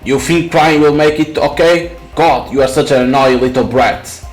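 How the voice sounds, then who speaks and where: A harsh, drunken mother spits insults in a voice pushed noticeably higher, as a man puts her on. She sounds bitter and cruel, with quiet music playing behind. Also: normal speed, lightly acted, low-quality recording. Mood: scornful. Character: drunk, abusive middle-aged mother.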